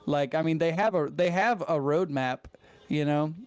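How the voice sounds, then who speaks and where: A man's voice: a little high, moderate pace, clear, resonant tone, no room sound. A male game streamer, a guest on a podcast, talking in an earnest, loose stream of thought in casual chat.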